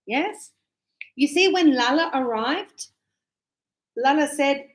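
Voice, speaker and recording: A woman leads a lesson in a classroom. Her voice sits high and swoops widely as she plays out little greetings. She keeps an unhurried pace so students can follow. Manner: animated, acts out dialogues with sing-song high-pitched lines. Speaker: English teacher.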